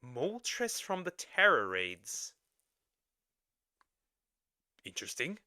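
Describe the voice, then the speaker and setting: Animated rambling man with an accent. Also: mid-range voice, measured pace, dry recording. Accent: non-native English accent. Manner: rambling, animated, laughs often, restarts sentences. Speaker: streamer reacting to videos and chatting. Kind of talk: casual livestream chat.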